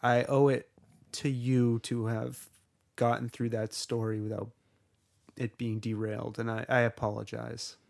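A man's voice: mid-range voice, flat delivery, a little slow, vocal fry, darkish tone. A man co-hosting a podcast in casual chat, rambling and joking, sometimes putting on a bad British accent. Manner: rambling, jokey, mock British bits. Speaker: podcast co-host.

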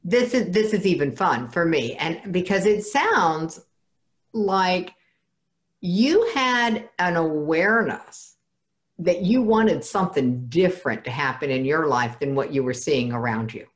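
Woman, podcast host, interviewer, lowish voice, recaps answers. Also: expressive, measured pace. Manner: guiding, recaps the guest's points. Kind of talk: interviewing a guest.

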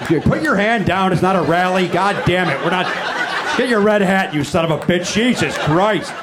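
A middle-aged man hosting a live comedy podcast on a club stage, teasing the audience with quick sarcastic crowd work. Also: sits high, noisy background.

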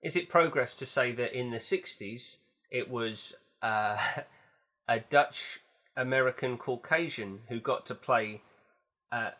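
A man's voice: mid-range voice, slow pace, sharp tone. Chatty man telling stories. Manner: chatty, storytelling with wry swearing. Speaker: podcast co-host. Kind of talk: casual film chat.

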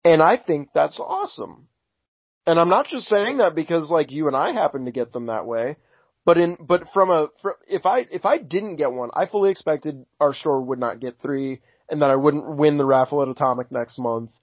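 A man's voice: on the high side, lively intonation, moderate pace, dry recording. A man co-hosting a podcast, laying out his reasoning earnestly in casual chat. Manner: earnest, reasoning argument with restarts. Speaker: podcast co-host. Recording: dull lo-fi dry recording.

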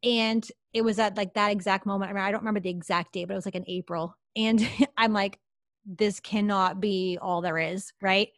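A woman's voice: medium pitch, quick pace, hardly any pauses, no echo, studio quality. A woman, a psychic medium, telling a personal story in a podcast interview, chatty and full of fillers. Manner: lively, chatty, many fillers like "like".

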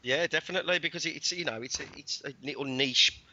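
A man co-hosting a casual podcast, chipping in with quick, opinionated asides. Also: on the high side, pushed and bright. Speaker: podcast co-host. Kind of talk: casual chat. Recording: dry, slightly dull lo-fi sound.

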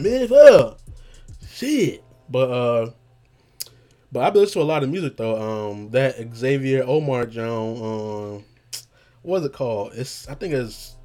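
A man's voice: medium pitch, darkish tone. A young man hosting a casual podcast, talking in loose slang and cursing freely. He rambles and trails off hunting for the right word, his voice in a middle range for a man. Faint music plays behind him. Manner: rambling, slangy, swears a lot, trails off searching for words. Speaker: podcast host.

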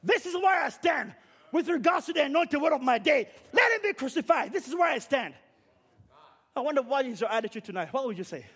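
A man preaching a fiery sermon, shouting repeated rhetorical questions and dropping to quiet low passages. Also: big pitch swings, fairly quick.

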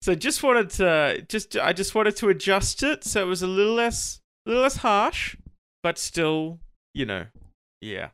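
A man's voice: high-pitched, very animated, a little slow, fairly bright tone, smooth, no echo. A man co-hosting a podcast while sick with a sore throat, joking and rambling with lots of restarts. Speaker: podcast co-host. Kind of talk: casual chat.

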